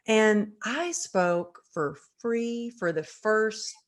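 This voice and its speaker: A woman hosting an interview show, telling her own stories in casual, animated chat. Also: mid-range voice, drawn-out words. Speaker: podcast host.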